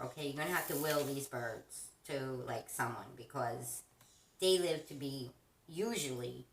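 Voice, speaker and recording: A woman's voice: rumbling low, a bit bright. A woman hosting a craft channel, chatting casually and rambling with frequent restarts while she crafts. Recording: roomy, distant mic with faint noise.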